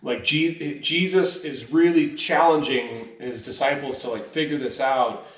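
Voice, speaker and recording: A man's voice: mid-range voice, steady tone, a little slow. A man preaching a conversational sermon, telling a story in a casual, everyday way. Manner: casual storytelling, voices quoted lines animatedly. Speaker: pastor. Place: church. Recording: roomy, picked up from a distance.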